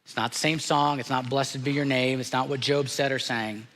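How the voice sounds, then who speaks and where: A pastor delivering a sermon in a church, speaking in an earnest, reflective way and dropping softly at the hard moments. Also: male voice, medium pitch, fairly even intonation, moderate pace. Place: church sanctuary. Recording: church sanctuary with long reverb.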